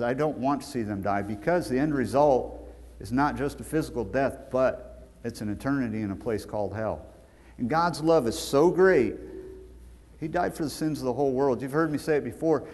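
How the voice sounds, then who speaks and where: A man preaching a sermon with emphatic, storytelling delivery that swells to loud peaks. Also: mid-range voice. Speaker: pastor. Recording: long hall reverb.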